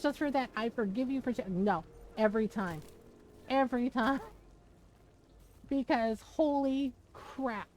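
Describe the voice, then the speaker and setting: A woman game streamer in casual livestream chat, talking in an animated, laughing rant with plenty of swearing. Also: high voice, rough recording.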